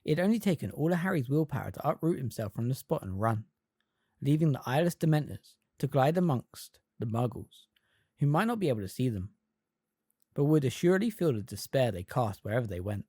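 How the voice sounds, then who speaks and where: A fan reader narrating an audiobook with expressive storytelling. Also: mid-range voice, a little fast, breathy edge, no echo, clean studio sound. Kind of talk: scripted narration.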